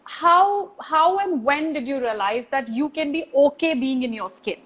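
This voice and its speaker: A woman's voice: high-pitched, lively intonation, measured pace, fairly bright tone, rough recording. A woman hosting a casual interview on a live video call, asking long, thoughtful questions. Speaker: interview host. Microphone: phone on a live video call.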